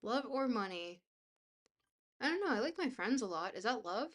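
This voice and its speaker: A woman's voice: on the high side, sing-song, moderate pace. A young woman livestreamer chatting casually with her viewers, bubbly, goofy and self-deprecating. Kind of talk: casual chat, reading viewer messages.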